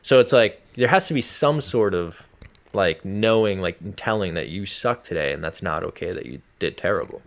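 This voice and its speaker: A man's voice: deep voice, expressive, normal speed. A young man co-hosting a podcast, rambling casually with lots of filler words. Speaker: podcast co-host.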